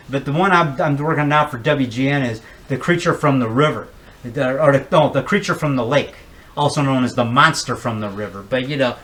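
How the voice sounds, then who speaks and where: A man's voice: mid-range voice, fairly bright tone, poor audio. A man in a mid-range voice chatting casually as a guest, rambling from one thing to the next and stammering over repeated words. Faint noise sits under the recording. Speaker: guest, horror movie maker. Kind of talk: casual chat showing props.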